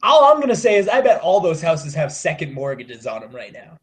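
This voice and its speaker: Brief: young male co-host, high voice that swings wide, swears freely through animated rants. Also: fairly quick. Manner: profane, animated movie ranting. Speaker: podcast co-host. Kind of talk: casual chat.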